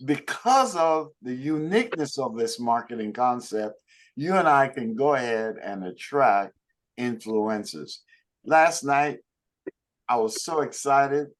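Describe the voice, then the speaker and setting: A middle-aged man coaching a group on network marketing, talking emphatically and calling on listeners by name. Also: medium pitch. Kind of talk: motivational talk to a group.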